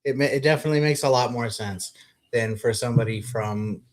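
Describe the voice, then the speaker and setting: A man co-hosting a podcast in casual chat, blunt and profane, getting animated when he rants. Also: medium pitch, fairly quick. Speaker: podcast co-host.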